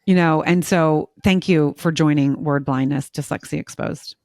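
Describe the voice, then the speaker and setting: A woman's voice: deep voice, steady tone, normal speed, darkish tone, no room sound, clean studio sound. A woman hosting a podcast interview, talking in a chatty, rambling storytelling way with lots of fillers. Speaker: podcast host. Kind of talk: casual interview talk.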